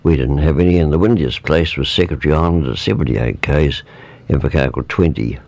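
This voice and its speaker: A man with a New Zealand accent reading the local weather report on radio, relaxed and informal, with fillers. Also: a bass voice, a little fast, gravelly.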